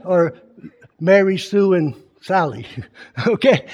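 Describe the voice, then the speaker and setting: A man preaches in a conversational, teaching manner, reading scripture aloud with emphasis and repeatedly quizzing the congregation with questions. His voice sits high and is expressive and slow, with a darkish tone. The audio is dull.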